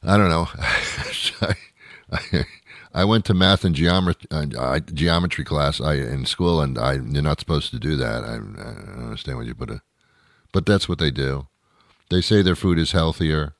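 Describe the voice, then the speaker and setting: A man's voice: very deep voice, animated, moderate pace, creaky, no room sound, clean studio sound. A man hosting a comedy show, delivering a rambling, grumbling monologue with stammered restarts.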